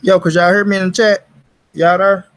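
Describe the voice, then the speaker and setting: A man's voice: high voice, little pitch movement, moderate pace. A young man hosting a casual livestream, talking straight to his chat in slangy, profane street talk. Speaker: livestream host.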